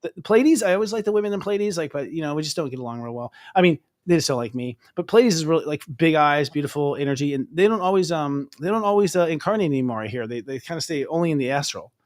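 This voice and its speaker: Fast excitable guy hosting a chat, higher voice, rambles with lots of fillers. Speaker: astrologer host. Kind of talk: casual interview chat.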